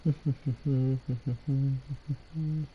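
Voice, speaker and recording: A man's voice: medium pitch, flat delivery, drawn-out words, breathy edge, lo-fi sound. A man hosting a casual livestream, talking loosely and often repeating words and restarting sentences. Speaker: streamer host.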